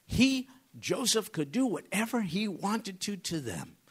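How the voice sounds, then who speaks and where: A man with a slightly husky voice preaches a sermon. His pitch swings high and low as he presses questions on his listeners and leans into dramatic pauses. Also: wildly swooping pitch.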